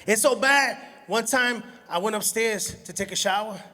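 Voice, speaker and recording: A man, doing an animated, self-mocking stand-up comedy set and laughing at his own jokes. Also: high-pitched, normal speed. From Brooklyn, New York. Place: large hall on stage. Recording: echoey hall sound.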